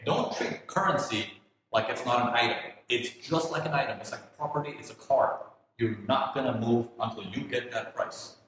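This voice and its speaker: A man's voice: mid-range voice, fairly bright tone. Man teaching in an echoey hall. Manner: acts out traders' thoughts in quick asides. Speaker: forex trading instructor. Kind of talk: lively teaching talk. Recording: echoey hall with faint noise.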